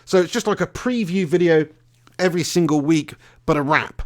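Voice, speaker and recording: A man's voice: a little high, moderate pace. A young man, hosting a casual live stream, chatty and swearing freely, laughing often. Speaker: fan channel host.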